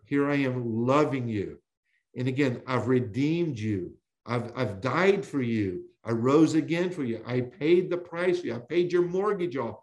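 A man voicing a loving male divine voice that pleads tenderly, soft and quiet at the close. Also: medium pitch, lively intonation, a little slow, lightly acted. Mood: tender pleading.

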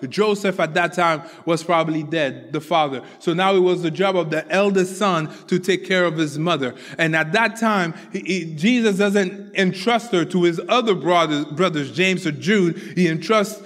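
A man with a notably high voice delivers a sermon in a long, ringing hall reverb. He speaks earnestly and circles back to his key phrases to drive them home. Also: moderate pace, few pauses, fairly bright tone. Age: adult father of four children. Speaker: pastor.

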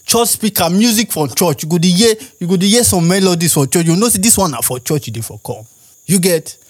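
Rambling Nigerian man, fairly high voice. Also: fairly quick. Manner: animated, rambling, rhetorical questions. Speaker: podcast host. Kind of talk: casual monologue.

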